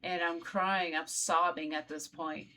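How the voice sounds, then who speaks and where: Woman vlogger, slightly low voice, casual storytelling straight to camera. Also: level tone, a little slow, sharp tone, a little hiss or hum. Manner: conversational, addresses viewers directly.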